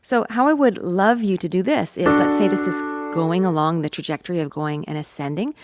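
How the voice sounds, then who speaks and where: A woman's voice: fairly low pitch, a little fast. A woman vocal coach teaching a singing lesson, talking in an upbeat, encouraging way and singing scale demonstrations. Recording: loud piano accompaniment.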